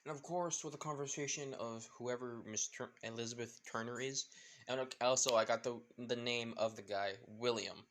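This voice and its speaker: A man's voice: medium pitch, fairly even intonation, moderate pace. A man casually retelling a fan story, rambling with many fillers and losing track of names.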